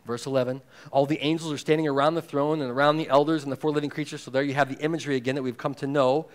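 A man preaching a sermon in a conversational way, acting out quoted voices and moving between loud emphasis and hushed intensity. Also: a little high, steady tone, racing. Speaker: pastor.

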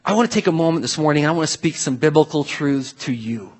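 A pastor delivers his sermon in a high, slightly husky voice. He talks to the congregation like a friend, then presses his points home by repeating them with emphasis. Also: lively intonation, quick pace. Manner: emphatic, conversational preaching with repeated phrases.

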